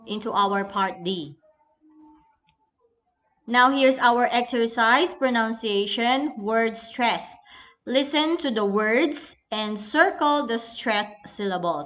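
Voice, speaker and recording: A Filipino-accented woman teaching a recorded English lesson, calling the class "everyone" as she goes. She speaks slowly and patiently. Her voice sits fairly high. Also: fairly bright tone.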